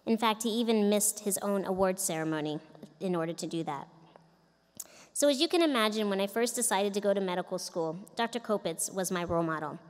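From a podium at a commencement ceremony, a middle-aged woman with an ordinary middle-pitched voice speaks earnestly and briskly, telling her story through a microphone. The recording is distant and echoey, made in a large indoor events arena where a long reverb trails each phrase.

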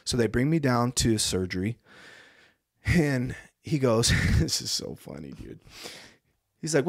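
A young adult man telling his story as a podcast guest, animated, acting out other people's lines and laughing often. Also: medium pitch, unhurried, vocal fry, long pauses, dry recording, clean studio sound. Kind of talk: casual storytelling.

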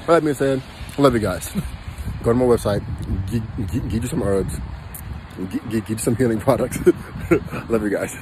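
A man's voice: mid-range voice, normal speed, long pauses, background noise. A man ranting as a vlogger, swearing constantly, repeating himself and laughing between lines. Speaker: astrology and crypto vlogger. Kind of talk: excited profane rant.

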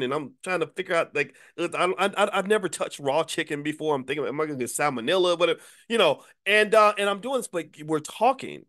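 A middle-aged man hosting his channel, telling a personal story in a casual monologue with animated delivery and frequent stammered restarts. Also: high-pitched. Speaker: channel host. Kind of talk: casual spoken monologue with anecdote.

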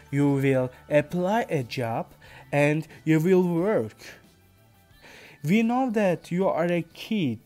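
A man's voice: a little high, a little mellow. A man with a Turkish accent voicing a stern father who lectures his young son firmly in a read-aloud story. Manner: firm, lecturing.

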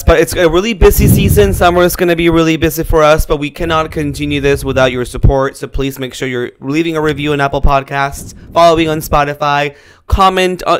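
A man co-hosting a podcast, talking in an emphatic, campy, expressive way. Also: on the high side, clean tone. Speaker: podcast co-host. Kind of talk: casual chat.

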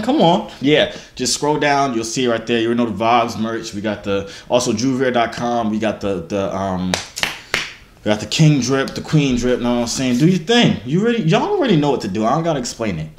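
A man's voice: mid-range voice, big pitch swings, moderate pace, reverberant. A twenty-year-old man from New Jersey, a YouTuber, boasting and joking in slangy casual banter on a phone video chat.

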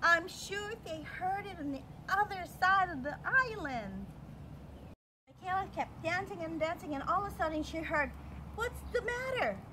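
A woman telling a story to a child, animated, acting out voices and sound effects. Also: very high-pitched, normal speed. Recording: noisy home recording.

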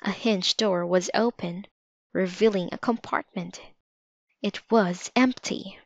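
Woman narrator, storybook read-aloud, calm, dry, slightly dull lo-fi recording. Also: mid-range voice, slow, no room sound.

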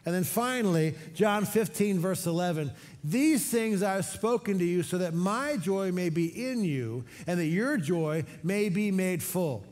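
رجل يعظ بحماس في قاعة واسعة. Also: male voice, high voice, unhurried. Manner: energetic call-and-response. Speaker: pastor. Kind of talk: sermon for an online church service. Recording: long hall reverb.

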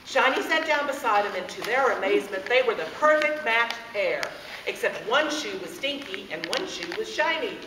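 A woman telling a made-up children's story in an expressive, sing-song way. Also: a little high, moderate pace. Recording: echoey room, distant camera mic, background noise.

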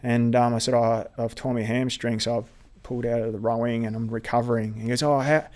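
Halting man telling his story. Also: mid-range voice, monotone, darkish tone. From Australia. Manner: halting, repeats words, emotional. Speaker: podcast guest. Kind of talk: telling a personal story in an interview.

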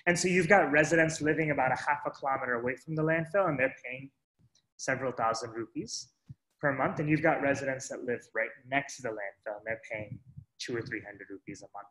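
A man's voice: mid-range voice, a little fast, a bit bright. A man earnestly telling a first-person story to an audience, stringing his sentences together with "and so". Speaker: speaker sharing a story. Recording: echoey room.

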